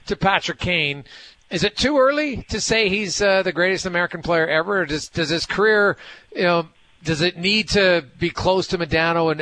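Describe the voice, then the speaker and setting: A man's voice: a little high, bright, forceful tone, a little hiss or hum. A man hosting a sports radio show, asking a guest long, upbeat questions.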